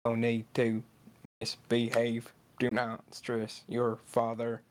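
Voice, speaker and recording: A man voicing a calm, proper protocol droid who minds the children. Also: mid-range voice, takes it slowly, no room sound, natural voice. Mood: soothing.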